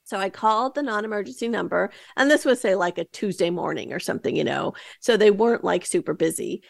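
Gravelly-voiced woman telling a story. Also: medium pitch, quick pace, no room sound, studio quality. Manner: chatty, with many fillers and quoted asides. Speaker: podcast host. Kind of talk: casual storytelling monologue.

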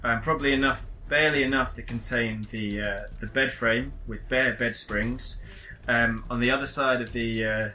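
Bright-voiced game master, halting. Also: male voice, mid-range voice, steady tone, a little hiss or hum, poor audio. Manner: halting, with many ums and restarts. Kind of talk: narrating a tabletop horror game.

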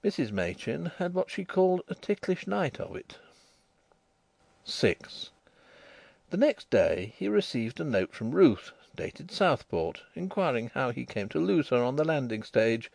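A man giving an expressive, scripted narration of a novel as an audiobook reader. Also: medium pitch, creaky, no echo.

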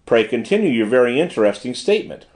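A man voicing a calm, courteous male detective who speaks politely and measuredly in an audiobook reading. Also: medium pitch, fast talker.

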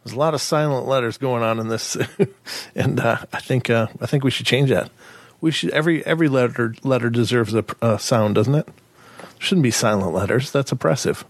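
A man hosts a podcast in a loose, easygoing chat, drifting into jokey tangents with little chuckles and plenty of fillers. His voice sits at an ordinary middle pitch, and the sound is dry and close to the microphone. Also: fairly quick, dry recording. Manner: rambling, joking asides with chuckles and fillers. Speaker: podcast host.

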